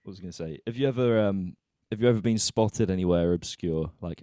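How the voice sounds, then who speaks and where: A man's voice: deep voice, fast talker, warm tone, dry recording, clean studio sound. A man hosting a podcast, asking questions in a rambling way that often trails off and restarts. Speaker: podcast host. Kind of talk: casual podcast chat.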